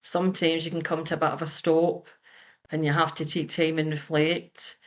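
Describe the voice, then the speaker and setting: Woman guest on a podcast, lowish flat voice, calm and measured. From Scotland. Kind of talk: reflective interview answers.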